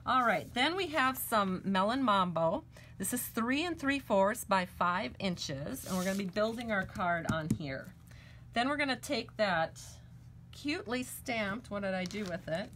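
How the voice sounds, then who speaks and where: A chatty woman walks viewers through a card-making project live from her crafting table. She talks at an ordinary middle pitch and gushes happily over each finished step. A faint hiss sits behind her voice. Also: lively intonation, a little slow, fairly bright tone. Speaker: host of a live stamping and card-making show.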